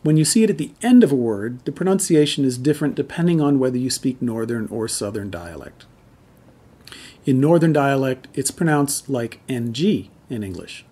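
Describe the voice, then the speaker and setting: A man with a husky, slightly breathy voice at an ordinary pitch, teaching pronunciation. He talks patiently, stops to sound out examples slowly and repeats them so learners can copy. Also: warm tone. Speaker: language teacher. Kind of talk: explaining pronunciation to camera.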